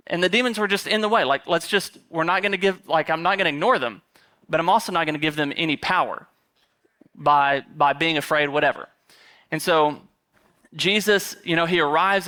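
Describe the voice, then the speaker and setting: A man's voice: on the high side, pushed and bright. A male pastor giving a chatty, conversational sermon with humorous asides and plenty of fillers.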